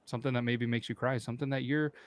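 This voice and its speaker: A man's voice: mid-range voice, fairly even intonation, racing, no echo. A man co-hosting a podcast, telling crude jokes in casual banter and leading the show's segments. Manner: joking, crude humor, runs the show segments. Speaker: podcast co-host.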